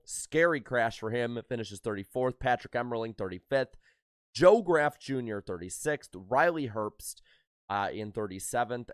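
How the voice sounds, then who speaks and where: A racing podcast host with a smooth, mid-range voice runs rapidly through race results in a casual recap, with lots of filler "uh"s. His voice is slightly worn after a concert, and the studio-quality recording has no echo.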